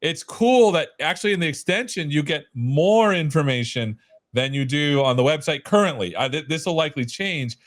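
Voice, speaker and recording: A man's voice: fairly high pitch, lively intonation, normal speed. A man hosting a tech show, enthusiastic and full of praise, often restarting his sentences in casual chat. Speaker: show host.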